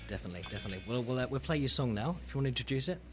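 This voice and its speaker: A man's voice: medium pitch, expressive, very fast, soft background music. Upbeat Southern English radio DJ man. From southern England. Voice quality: upbeat, laughs often, chatty. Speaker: radio DJ host. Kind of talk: live radio interview.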